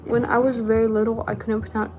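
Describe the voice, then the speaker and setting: A woman's voice: on the high side, level tone, quick pace, darkish tone, soft background music. A woman vlogger chatting casually while she crafts, rambling and cutting herself off. She has a speech impediment and struggles to say her R's. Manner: rambling, chatty, self-interrupting.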